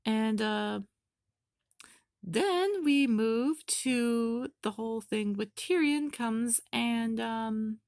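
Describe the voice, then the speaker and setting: Fan reviewer, female, eager and rambling, unhurried delivery, dry close sound. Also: fairly high pitch, dry recording. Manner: excitable, rambling with many fillers. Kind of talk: casual recap.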